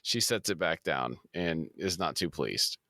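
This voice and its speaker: Male co-host, low and bright, recaps the plot, then weighs in. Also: expressive, measured pace. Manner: reads out plot beats, then comments. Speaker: podcast co-host. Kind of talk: episode recap with casual discussion.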